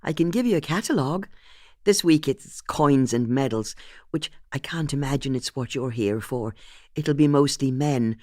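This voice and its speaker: Narrator doing an Irish receptionist woman, fifties, friendly, gossipy, lively pitch, dry recording. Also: moderate pace, no echo, lightly acted. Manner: chatty, conspiratorial.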